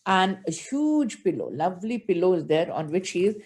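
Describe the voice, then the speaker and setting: A woman's voice: fairly low pitch, moderate pace. A woman with an Indian accent, a spiritual teacher giving a devotional discourse, telling stories expressively and speaking straight to her listeners. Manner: expressive storytelling, addresses listeners directly.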